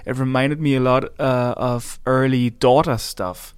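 A man's voice: medium pitch, steady tone, a little slow, clean tone, no echo. A man chatting enthusiastically and loosely about a song on a music podcast. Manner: enthusiastic, laid-back, filler-heavy. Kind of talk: casual music review chat.

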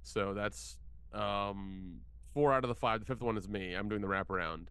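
A man's voice: lowish voice, moderate pace, a bit bright, clean tone, dry recording. A man co-hosting a podcast in casual chat, easygoing, with stammering restarts. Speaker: podcast producer and co-host.

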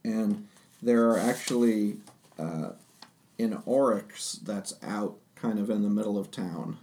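A man narrating a tabletop role-playing game as game master, relaxed with frequent hesitations. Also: fairly low pitch, slow pace, slight background noise. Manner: relaxed, hesitant, many ums.

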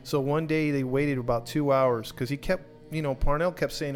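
A man's voice: medium pitch, fairly even intonation, normal speed, faint music behind. A man hosting a podcast, casually telling a true crime story with many restarts and acted-out quotes.

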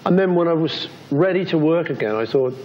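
A British man in his fifties, giving a reflective interview in a soft, halting, heartfelt way. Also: a little high, animated. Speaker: interview guest. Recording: slightly dull archival interview audio.

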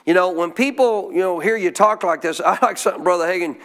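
Talking fast, a pastor with a high, somewhat bright voice preaches emphatically in call-and-response fashion. He keeps quizzing his congregation and pressing them to say lines back to him.

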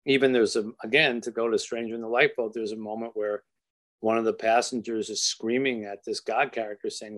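An older author, his voice on the low side and his tone steady, shares a personal story earnestly but haltingly, restarting repeatedly and letting phrases softly trail off.

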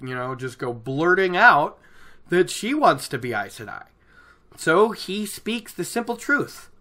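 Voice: mid-range voice, sharp tone. A host casually recapping a fantasy novel chapter, chatty and rambling, with lots of fillers. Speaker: book podcast host.

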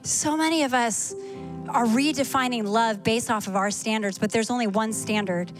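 A woman preaching a sermon at a church service, animated and fast, reading Scripture and asking the congregation questions. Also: on the high side. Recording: sermon with clear music behind.

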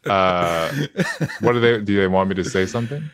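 A man, a video game actor, chatting as an interview guest, relaxed and laughing often, with hesitant fillers. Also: deep voice, normal speed, dry recording. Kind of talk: casual interview chat.

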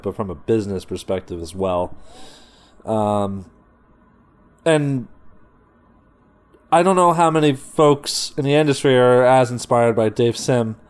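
A man's voice: medium pitch, a little mellow, clean tone. A man co-hosting a comics podcast in casual chat, wry and teasing. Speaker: podcast co-host.

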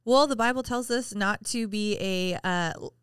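A woman's voice: mid-range voice, moderate pace, a bit bright, clean tone, dry recording, clean studio sound. A woman co-hosting a faith podcast in a casual, encouraging way, often chiming in to agree. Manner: encouraging, frequent agreeing interjections. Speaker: podcast co-host.

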